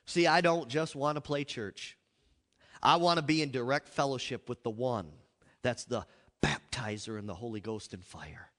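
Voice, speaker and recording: A man's voice: mid-range voice, normal speed. Impassioned male preacher in an echoey hall. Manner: impassioned, swinging between loud outbursts and hushed asides. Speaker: pastor. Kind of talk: sermon. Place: church.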